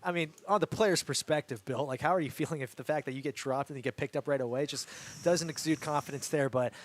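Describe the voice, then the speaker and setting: A male co-commentator in casual banter, diplomatic and measured, laughing easily. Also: a little high.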